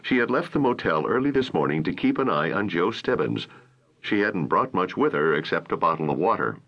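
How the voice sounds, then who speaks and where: Low-voiced man narrating a children's story. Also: brisk, dull audio. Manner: expressive storytelling. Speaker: audiobook narrator.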